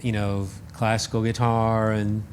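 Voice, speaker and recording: A man guest on a podcast, telling a story in a casual, animated and self-deprecating way, acting out the voices he quotes. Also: lowish voice, measured pace, slight background noise. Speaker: podcast guest, radio host.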